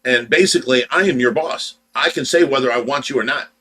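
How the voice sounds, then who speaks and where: Bright-toned man telling a story. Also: medium pitch, brisk, slight background noise, poor audio. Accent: Ohio. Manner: rambling, repeats words, acts out dialogue. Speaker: livestream host. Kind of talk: casual storytelling.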